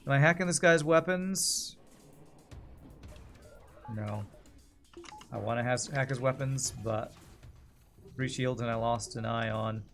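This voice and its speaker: A man's voice: medium pitch, takes it slowly, long pauses, fairly bright tone, faint music behind. A man streaming a strategy game, chatting casually and answering viewers' comments while he plays. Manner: chatty, reads and answers chat while playing.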